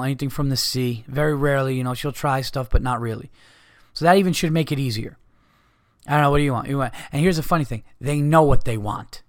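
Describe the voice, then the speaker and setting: A man's voice: mid-range voice, no echo. Podcast host, man in his thirties, exasperated profane rant, dry close sound. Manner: heated, profane, exasperated ranting. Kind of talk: ranting casual monologue.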